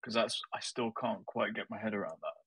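A man's voice: fairly low pitch, brisk, fairly bright tone, slightly rough, dry recording. A man on a group call, pressing with skeptical questions. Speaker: call participant. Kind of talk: questioning in online group chat.

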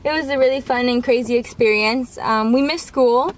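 Young woman, slightly high, eager chatty vlogger. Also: moderate pace, slight background noise, rough recording. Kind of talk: casual chat.

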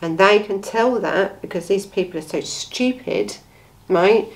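A woman's voice: medium pitch, unhurried, vocal fry, rough recording. A woman giving blunt, indignant true-crime commentary, full of rhetorical questions. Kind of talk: impassioned commentary on a case.

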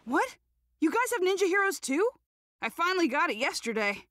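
A woman's voice: extremely high pitch, sing-song, a little fast, fairly bright tone, no room sound, clean studio sound, heavily acted. A woman voicing a brash, cocky teenage boy ninja in a game cutscene, playful and teasing. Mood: breezy. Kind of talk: video game cutscene dub.

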